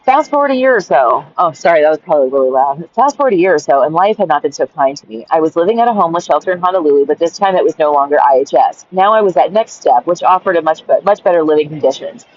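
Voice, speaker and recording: In a low, slightly mellow voice, a woman vlogger reads an old journal entry aloud, then tells the story frankly and fast with few pauses. She rambles and restarts, says "like" a lot, sounds exasperated, and swears freely. The recording is dry, slightly dull lo-fi.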